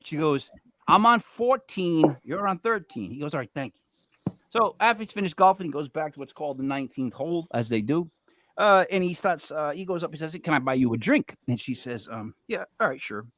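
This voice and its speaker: A man's voice: on the high side, lively intonation, brisk, a bit bright, no room sound. A man co-hosting a casual show, telling a long joke with many ums and restarts. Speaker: podcast co-host.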